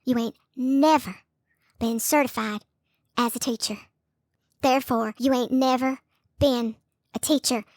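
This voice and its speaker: A woman scolding two people in a sarcastic call-out rant, now and then mocking them in a high put-on voice. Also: fairly bright tone, no echo, studio quality. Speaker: YouTube commentator.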